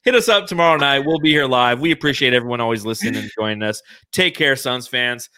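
Male podcast co-host, crisp bright voice, dry studio sound, chatty. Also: mid-range voice, animated, fast, no room sound. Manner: joking, plugs the show. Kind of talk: casual sports podcast chat.

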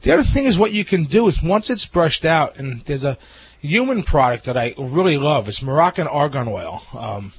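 A man's voice: on the high side, very animated, normal speed, breathy edge, no echo. A man giving pet grooming tips on a radio talk show, chatty and joking, with lots of fillers. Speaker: pet grooming expert guest.

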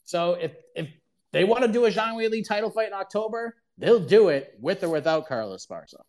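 A man's voice: high-pitched, lively intonation, brisk, a little mellow. A man hosting a casual sports talk call-in show, opinionated and emphatic, often repeating himself for emphasis. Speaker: podcast host answering callers.

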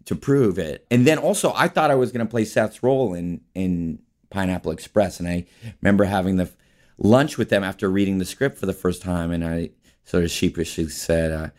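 A man's voice: low-pitched, brisk, darkish tone. A man guest on an interview show, telling stories in a rambling, casual way, often saying "like" and "you know". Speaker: guest, actor and filmmaker.

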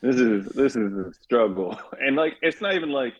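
A man talking as a podcast guest in casual chat, animated, laughing often and acting out quotes. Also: medium pitch, moderate pace, dull audio.

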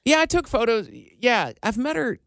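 A man's voice: very high voice, lively intonation, normal speed, fairly bright tone, dry recording. A male radio host in a studio, telling stories in a casual, self-deprecating way. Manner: chatty, storytelling, self-deprecating. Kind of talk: casual on-air chat.

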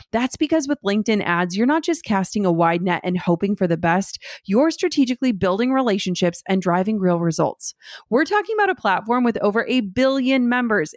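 A woman's voice: medium pitch, no room sound, studio quality. A young woman, a podcast host and mother, talking casually with lots of "like" and quoted asides, and also reading sponsor spots. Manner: chatty, with many likes and quoted asides. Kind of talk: casual conversation and ad read.

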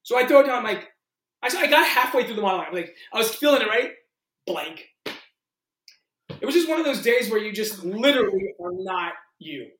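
A male actor telling audition stories in a casual interview, animated and full of "like". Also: high-pitched. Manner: animated, fast-shifting, heavy use of "like". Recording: roomy echo.

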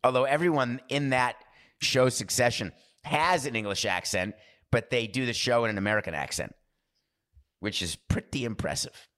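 A man with a mid-range, fairly bright voice talks at a moderate pace as he hosts a sports podcast. His casual monologue rambles into digressions, and he keeps throwing out rhetorical questions in a chatty way.

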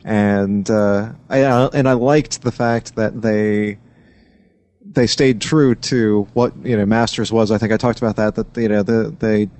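Lower-voiced man musing on a podcast. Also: fairly even intonation, unhurried, a little mellow. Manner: hesitant, filler-heavy, dry teasing. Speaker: podcast co-host. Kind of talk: casual chat.

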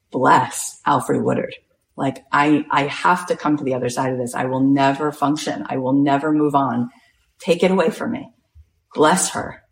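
Low-voiced woman telling a story. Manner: acts out quoted voices, builds to excited emphasis. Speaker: speaker retelling a story. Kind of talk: animated storytelling talk.

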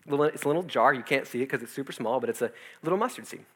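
A man's voice: mid-range voice, racing, breathy edge. A young man working as a youth pastor, telling a personal testimony in his office and acting out the voices of the people in his story. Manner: animated storytelling, acts out quoted voices.

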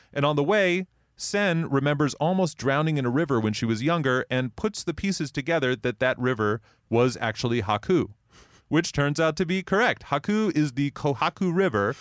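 Brief: podcast co-host, even mid-pitched man, dry and close, walking through a plot. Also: dry recording. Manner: steady, methodical summarizing. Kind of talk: casual film-plot recap.

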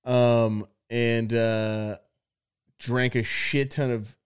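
A man's voice: mid-range voice, level tone, extremely slow, clean tone. A man co-hosting a podcast, rambling through a story with heavy swearing. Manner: rambling, heavily profane storytelling. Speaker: podcast co-host. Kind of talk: casual chat.

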